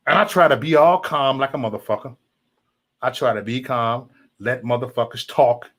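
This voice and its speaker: Speaking at a moderate pace in a mid-range, fairly bright voice, this man hosts a livestream and rants at his chat. It's casual but heated, packed with profanity and repetition.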